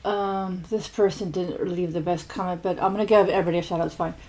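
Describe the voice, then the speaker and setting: A woman's voice: lowish voice, steady tone, quick pace, darkish tone. A woman hosting a food channel, chatting casually and reading out viewer names and comments, with lots of fillers and restarts. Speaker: mukbang host. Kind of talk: casual chat reading viewer shout-outs.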